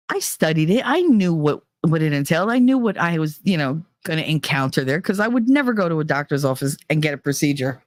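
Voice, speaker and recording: A woman's voice: lowish voice, big pitch swings, fairly quick, no room sound, studio quality. A woman hosting a podcast, talking through a candid, casual monologue in a blunt, profane way, laughing often as she tells her stories. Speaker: podcast host.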